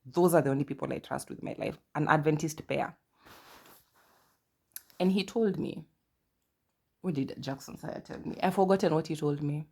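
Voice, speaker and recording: A woman from Kenya with a Kenyan accent, in her thirties, hosting a casual podcast and telling stories with lively asides. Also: low-pitched, moderate pace, creaky, pauses often, slightly rough. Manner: chatty, animated storytelling with asides and quoted dialogue. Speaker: podcast host. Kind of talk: casual personal monologue.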